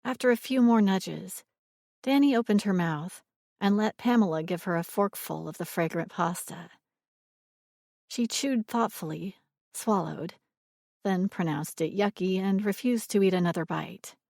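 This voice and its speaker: A woman narrating a romance audiobook in a measured, expressive reading. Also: medium pitch, creaky, no echo, clean studio sound.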